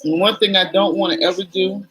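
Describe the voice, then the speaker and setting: A woman's voice: medium pitch, fairly even intonation, brisk, fairly bright tone, husky, low-quality recording. A woman in her forties, a vlogger chatting candidly and emotionally to her viewers while doing her makeup.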